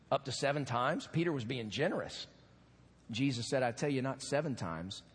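A man pastor giving an animated, earnest sermon with asides to the congregation in a church. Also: mid-range voice, husky. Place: church sanctuary. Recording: long hall reverb.

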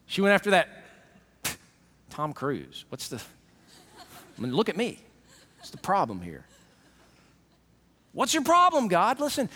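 A man preaching a sermon, animated and acting out the people he quotes. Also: sits high, long reverb tail. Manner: animated, acts out quoted voices.

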